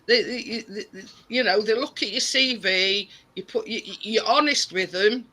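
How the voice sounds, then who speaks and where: A man's voice: sits high, moderate pace, sharp tone. A man in casual chat who repeats words as he starts his sentences.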